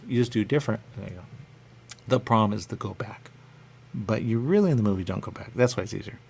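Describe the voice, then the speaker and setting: Deep gravelly man, rambling talk. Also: expressive, quick pace, a little mellow. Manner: rambling, repeats "there you go" constantly; acts out others in a high voice. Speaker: radio show host.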